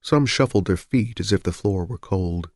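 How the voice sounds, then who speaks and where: Man, audiobook narrator, very low voice, measured even reading, dry close sound. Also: no echo.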